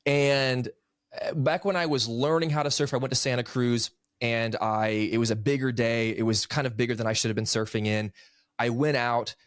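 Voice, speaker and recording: A man's voice: mid-range voice, steady tone, normal speed, smooth, no room sound, clean studio sound. Earnest man telling a personal story. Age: 30s. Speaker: podcast guest, author. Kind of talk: conversational storytelling.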